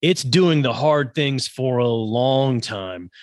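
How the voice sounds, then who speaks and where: A man hosts a podcast conversation in an ordinary middle pitch. He agrees readily, reflects on what was said and sums up points before asking his question. His voice is recorded close and dry. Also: lively intonation, slow pace, a little mellow, dry recording. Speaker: podcast host.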